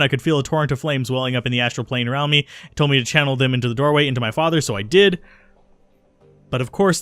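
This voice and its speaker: A man reads aloud the game dialogue of a remorseful young woman, a former cultist turned runner who is haunted by her time in the cult. He gives her confession a steady reading with small slips, his natural, middle-pitched voice moving briskly. The recording is dry and close, with no room sound.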